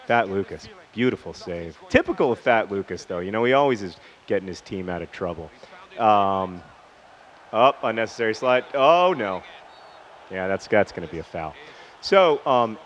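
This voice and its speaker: A man's voice: fairly low pitch, fairly bright tone. A man hosting a gaming video, telling a personal story in a casual, rambling way and breaking off mid-sentence to comment on the match. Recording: dull lo-fi recording, faint hiss.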